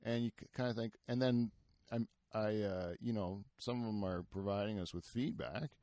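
A man's voice: fairly low pitch, moderate pace, dark tone, dry recording, clean studio sound. A man hosting a podcast in casual, rambling chat, full of fillers, restarts and swearing. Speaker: podcast host.

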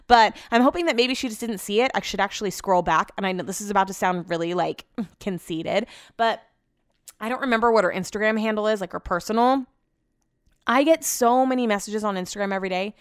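A woman's voice: medium pitch, brisk, clean tone, dry recording, studio quality. A young woman hosting her own podcast, rambling in casual chat with lots of fillers and restarts. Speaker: podcast host. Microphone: podcast mic.

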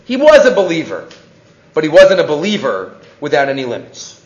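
A man's voice: fairly high pitch, a little fast. A man teaching a Torah class, telling stories and acting out the people in them. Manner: animated, acts out quoted characters. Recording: roomy, dull lo-fi classroom recording.

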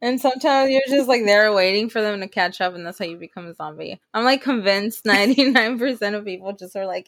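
A woman's voice: mid-range voice, brisk, few pauses, no room sound. A woman co-hosting a casual podcast, chatting and laughing easily. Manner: laughs easily, relaxed reactions. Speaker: podcast co-host. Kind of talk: casual chat.

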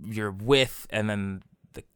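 A man's voice: on the low side, slow, clear, resonant tone, dry recording, clean studio sound. A young man telling a long personal story in casual chat, rambling with many fillers and laughing as he goes.

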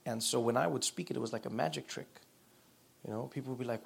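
Gravelly-voiced man telling stories. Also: medium pitch, fast. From South Africa. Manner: animated storytelling. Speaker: guest, author and comedian. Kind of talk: live on-stage conversation. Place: live event room.

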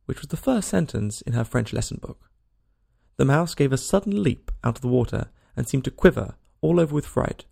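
A man narrating a children's storybook aloud in an expressive, lilting reading style. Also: medium pitch, fairly quick, creaky.

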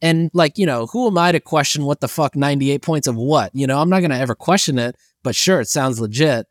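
A man's voice: a little high, a little fast, no room sound, studio quality. A man co-hosting a business podcast in casual chat, telling stories with lots of swearing and acted-out quotes of his own reactions. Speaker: podcast co-host.

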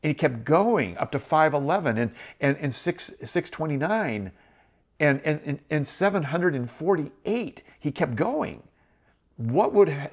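A man's voice: mid-range voice, a little mellow. A middle-aged man hosting a show, giving an earnest, encouraging Bible teaching and repeating phrases for emphasis. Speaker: host.

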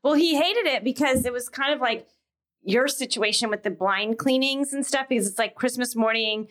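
Woman from Texas, fairly high voice, relaxed storytelling co-host, joking asides. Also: normal speed. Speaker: podcast co-host. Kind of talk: casual chat.

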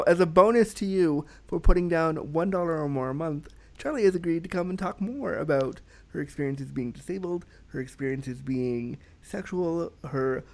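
A man hosting a podcast, chatting casually and animatedly with frequent fillers and restarts. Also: fairly high pitch. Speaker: podcast host. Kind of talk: casual chat.

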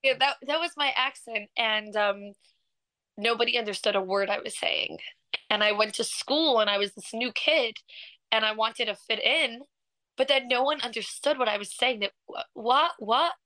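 Bright-voiced young woman, chatty. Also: a little high, normal speed, no room sound, low-quality recording. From England. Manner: animated, laughs often, many fillers and restarts. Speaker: singer and guest. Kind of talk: casual interview chat.

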